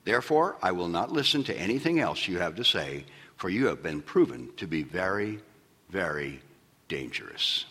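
A man preaching a sermon as pastor, swinging from shouted peaks down to low, quiet asides. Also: very animated, moderate pace, husky, big-room sound. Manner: preaching with loud shouted peaks and sudden drops.

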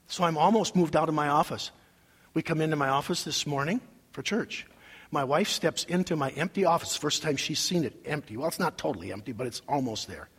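A high-pitched, husky male pastor preaches with lively, swooping intonation, his voice ringing through a large church sanctuary with long reverb. He tells his story with great emotion, dropping to soft asides and then rising to loud cries. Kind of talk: sermon.

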